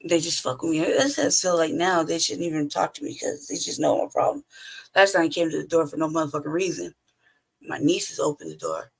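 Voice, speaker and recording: Podcast host, male, rough gravelly voice, casual profane storyteller who laughs between lines. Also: fairly high pitch. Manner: profane, blunt, laughs often between phrases.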